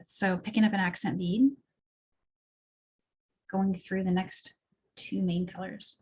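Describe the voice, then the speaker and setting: A woman instructor walks through a beadwork project one step at a time, chatting as her hands work. Her voice is slightly husky and sits at an ordinary middle pitch. She sounds easygoing and explains as she goes. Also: level tone, slow, darkish tone. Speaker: craft instructor. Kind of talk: step-by-step craft tutorial.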